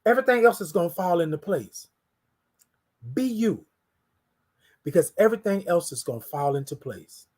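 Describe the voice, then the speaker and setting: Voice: medium pitch, expressive, moderate pace, pauses often, a little mellow. Emphatic preacherly host, slangy and repetitive. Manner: emphatic, repetitive, preacherly, talks to listeners directly; casual slang. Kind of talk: inspirational morning talk.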